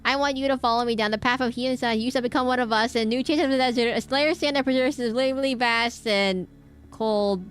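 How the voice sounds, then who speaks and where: A woman's voice: on the high side, fairly even intonation, quick pace, slight background noise, natural voice. Woman reading as a solemn sand spirit. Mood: urging. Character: ancient sand spirit bound by magic, solemn.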